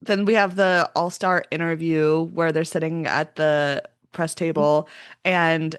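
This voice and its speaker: A woman's voice: deep voice, fairly even intonation, a little slow, smooth, no room sound, clean studio sound. A woman co-hosting a podcast, casually recapping scenes and often chiming in to agree. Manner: chatty recaps, frequent agreeing "mm-hmm" and "yep". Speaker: podcast co-host. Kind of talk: casual chat.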